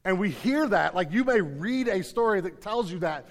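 A man preaching a sermon in a large room, earnest, often repeating words and swinging from emphatic to quiet. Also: animated, moderate pace. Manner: earnest, repeats words, rises to emphatic then drops low. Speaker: pastor. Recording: hall reverb.

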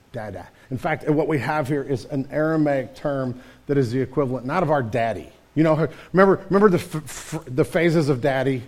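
A man preaching a sermon to his congregation in a conversational way, often repeating words and throwing in "man" as he talks. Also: mid-range voice. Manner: repeats words and restarts mid-sentence. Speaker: pastor.

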